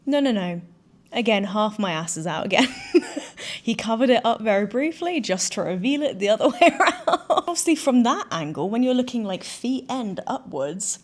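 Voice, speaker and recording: A woman's voice: on the high side, animated, moderate pace. A woman in her thirties vlogging, chatting and storytelling with a giggly, self-deprecating manner. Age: 30s. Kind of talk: casual storytelling vlog.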